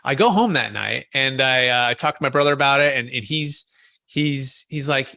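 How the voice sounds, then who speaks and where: Guy hosting a podcast, lively storytelling, bright voice, dry close sound. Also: medium pitch, normal speed, creaky, no echo. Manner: animated storyteller, acts out quoted voices. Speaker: host. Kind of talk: conversational podcast talk.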